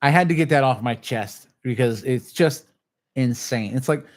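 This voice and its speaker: A man's voice: mid-range voice, normal speed. A man telling a long, agitated story in a casual livestream, swearing and acting out what others said. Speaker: channel host.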